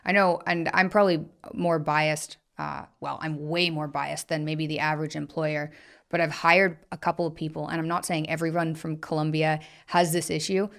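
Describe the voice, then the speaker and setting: A woman hosting a casual conversation, frank and animated, with many filler likes. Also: low voice.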